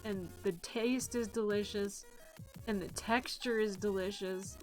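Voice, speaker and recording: A playful woman streamer chatting through a live stream at an unhurried, easy pace, often breaking into giggles and drawn-out gushing sighs. Faint music plays behind her. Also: medium pitch, fairly even intonation, a little mellow, low-quality recording. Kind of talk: casual live-stream chat.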